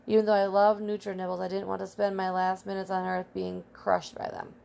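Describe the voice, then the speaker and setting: A plucky pet hamster tells his own adventure in an earnest, excitable way, voiced by a woman. The pitch stays fairly flat and even, with a gravelly edge to the voice. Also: fairly quick, a little hiss or hum. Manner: earnest, excitable first-person storytelling. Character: small brave pet hamster, male.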